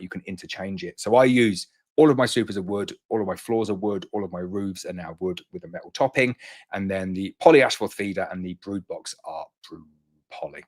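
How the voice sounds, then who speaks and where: A middle-aged man with a fairly low voice hosts a relaxed live question-and-answer session. He reads viewer comments aloud in a lifted tone, then answers in an easygoing, conversational manner. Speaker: beekeeping show host answering viewer questions.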